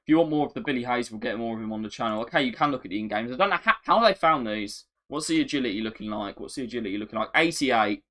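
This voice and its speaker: A man chatting on a live stream, excitable and self-mocking, often repeating himself. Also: on the low side. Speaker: gaming streamer. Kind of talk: casual live-stream chat.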